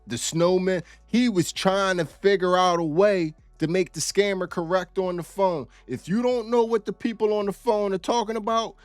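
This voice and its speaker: A man's voice: high voice, no room sound. A male host giving casual commentary on a clip in a folksy, conversational way. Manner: folksy and conversational, uses y'all.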